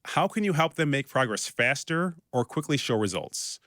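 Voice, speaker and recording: Man, podcast host, scripted business monologue, practical, direct, mid-range pitch, dry close mic. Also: lively intonation, moderate pace, fairly bright tone, no echo.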